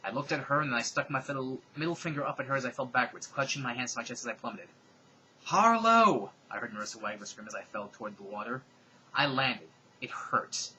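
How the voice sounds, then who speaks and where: Deadpan man reading fan fiction aloud. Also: medium pitch, fast talker, muffled recording, slight background noise. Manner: deadpan, sarcastic asides. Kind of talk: comedic dramatic reading.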